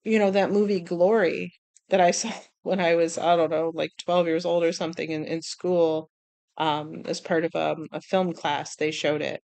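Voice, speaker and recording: A woman vlogger chatting casually about writing, animated, laughing often and acting out little quotes. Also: lowish voice, normal speed, gravelly, no room sound. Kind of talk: casual chat.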